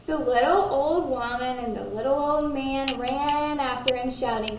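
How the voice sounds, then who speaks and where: A woman kindergarten teacher reading a picture book aloud to children, gentle, pausing to ask them questions. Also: high-pitched. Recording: roomy echo, distant mic, faint noise.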